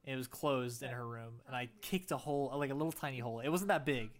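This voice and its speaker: A man's voice: mid-range voice, fast. A young man telling a rambling story in casual chat, laid-back, with many fillers.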